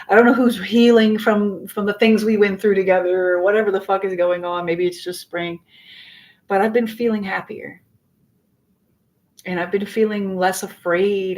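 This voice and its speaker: A woman's voice: mid-range voice, a little mellow, low-quality recording. A woman giving a live tarot reading to her viewers, earnest and rambling, circling back over her words and swearing casually. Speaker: tarot reader.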